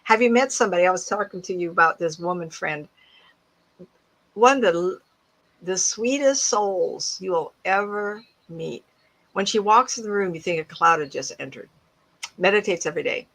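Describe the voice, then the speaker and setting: A woman in her seventies, a psychic medium giving a casual talk to an audience, animated and laughing often as she acts out other people's voices. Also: fairly low pitch, normal speed, poor audio. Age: 70s.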